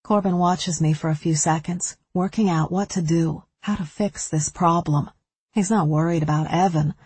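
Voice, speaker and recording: A woman's voice: on the low side, steady tone, normal speed, a little mellow, breathy edge, no room sound. A woman reading a first-person thriller novel aloud with anxious tension. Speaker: audiobook narrator.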